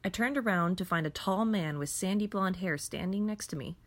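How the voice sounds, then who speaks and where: A woman's voice: medium pitch, moderate pace. A woman narrating a first-person story in a somber, reflective way.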